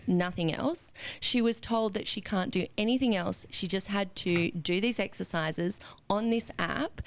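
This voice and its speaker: A woman, hosting a podcast and telling a lively, animated story full of casual swearing and fillers. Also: mid-range voice, smooth. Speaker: podcast host and Pilates instructor.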